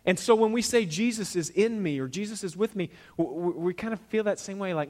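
A man in his thirties preaches in a church hall, frank and conversational. His slightly high voice drops to soft asides and then jumps up loud for emphasis. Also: expressive, a little fast, few pauses. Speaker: pastor. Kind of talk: sermon.

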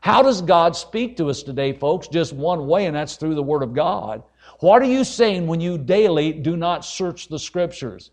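Preaching during a church service, this evangelist has a slightly high, expressive voice with a darkish tone and a moderate pace. His sermon is fervent and homespun, often calling the listeners "folks" and rising to emphatic peaks.

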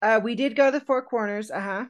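A woman co-hosting a podcast, telling a personal story in an animated, chatty way with frequent laughter. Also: on the high side, fast. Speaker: podcast co-host telling her proposal story. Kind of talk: casual storytelling chat.

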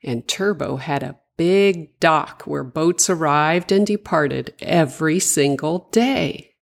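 A woman reading a children's story aloud, with expressive, sing-song narration. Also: deep voice, slow, creaky.

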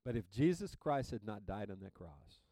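A man's voice: lowish voice, big pitch swings, moderate pace, warm tone, no room sound, poor audio. A man preaching a sermon as pastor, emphatic, reading hymn lyrics aloud and asking the congregation for amens.

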